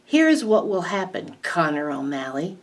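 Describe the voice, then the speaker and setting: A woman voicing an ancient towering tree monster with a booming, declaiming voice, recorded from a distant mic. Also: big pitch swings, moderate pace. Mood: commanding. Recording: distant mic, faint background hiss.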